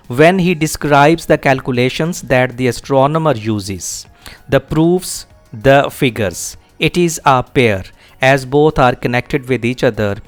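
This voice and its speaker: A man giving a classroom lecture on a poem exercise, repeating and spelling out key words deliberately. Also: medium pitch. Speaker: English teacher.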